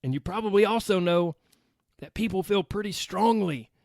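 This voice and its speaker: High, gravelly, and darkish in tone, this Southern American podcast host speaks at a normal speed, addressing listeners directly in a cheerful, chatty style on his solo show. The studio-quality recording has no echo.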